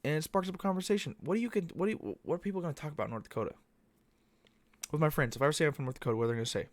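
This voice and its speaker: A man's voice: on the high side, animated, rapid-fire, dry recording. A young man hosting a podcast, talking casually in a loose, profane, meandering monologue. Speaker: podcast host. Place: Arizona.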